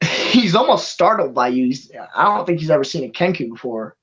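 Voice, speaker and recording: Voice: mid-range voice, very animated, fairly bright tone. Chill game master narrating the scene, laughs a lot, muffled lo-fi mic. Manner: laid-back, laughs often, slips into quick character voices. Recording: dull lo-fi mic.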